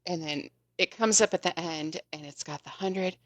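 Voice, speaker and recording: Chatty, animated woman telling a story. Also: on the low side, moderate pace, no echo. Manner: animated, chatty retelling with frequent laughs. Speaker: podcast guest. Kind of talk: casual storytelling.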